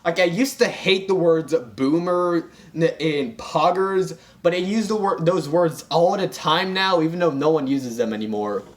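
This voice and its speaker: A young man with a high voice rants for comedy, sounding exasperated as he piles up fillers and false starts. His talk is casual and self-interrupting. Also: unhurried, few pauses. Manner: exasperated, full of fillers and restarts. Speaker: commentary vlogger. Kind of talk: comedic rant.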